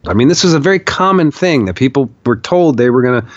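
Man guest, mid-pitched, swearing storyteller who acts out quotes; dry, slightly muffled sound. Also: expressive, fast talker, no room sound. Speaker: podcast guest, documentarian. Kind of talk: storytelling in a long interview.

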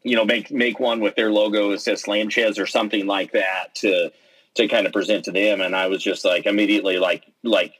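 This man, a pennant maker and player being interviewed, has a husky, low voice and spins casual stories at a moderate pace. He acts out the quotes with animation, stumbling through many fillers and restarts. The audio is of low quality.

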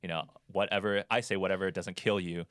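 Deep-voiced man chatting about films. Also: fairly even intonation, fast, fairly bright tone, clear, resonant tone, no echo, studio quality. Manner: rambling, with many fillers and restarts. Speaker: podcast co-host. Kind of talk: casual movie discussion.

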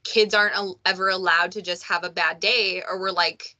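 A woman's voice: lowish voice, steady tone, moderate pace, sharp tone. A woman hosting a podcast, chatting frankly and joking, swearing casually. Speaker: podcast host. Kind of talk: casual conversation.

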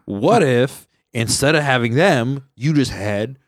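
A man hosting a comedy podcast in a mid-pitched voice, riffing and laughing through loose banter. His voice sits close and dry on the mic, with nothing of the room around it. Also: lively intonation, takes it slowly, no room sound. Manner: joking, laughs often, riffs on bits. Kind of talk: casual comedy podcast chat.

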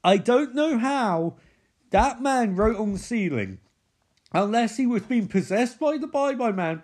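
A man's voice: extremely high pitch, a little mellow, breathy edge. A man giving a casual, rambling movie recap, swearing and sounding incredulous at the plot.

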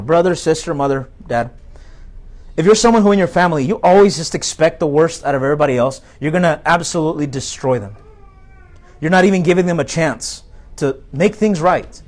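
A male pastor preaching a sermon in a direct, conversational way, full of rhetorical questions to the congregation. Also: a little high.

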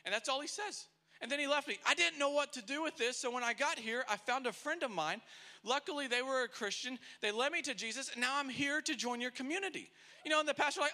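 A man's voice: extremely high pitch, quick pace, bright, forceful tone. A man preaching a sermon in a church, telling stories with energy and acting out the people he quotes. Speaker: pastor.

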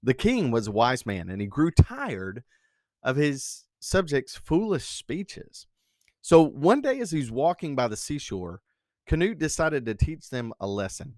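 A man's voice: medium pitch, big pitch swings, unhurried, a little mellow, no echo, studio quality. A man preaching a sermon, telling a story and acting out the quoted speech with animation.

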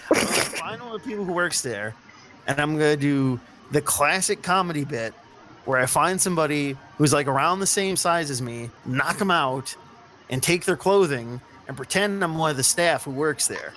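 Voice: medium pitch, lively intonation, moderate pace, fairly bright tone, a little hiss or hum. A player joking goofily through a tabletop game. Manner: goofy, joking. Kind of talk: casual game chat.

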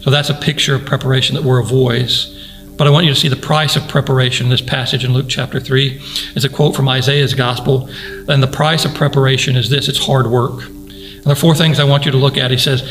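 Flat-toned pastor preaching over soft music. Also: male voice, medium pitch, fast, rough recording. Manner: repeats phrases, asks listeners direct questions. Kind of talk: sermon.

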